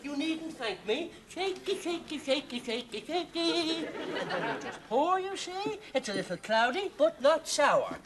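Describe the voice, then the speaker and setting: A man's voice: very high-pitched, huge pitch swings, moderate pace, background noise, heavily acted. A man playing a pushy, know-it-all restaurant diner in a 1970s TV sketch, talking over people in an overbearing, clowning way. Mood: boastful. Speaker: comic sketch performer. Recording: TV studio with audience laughter.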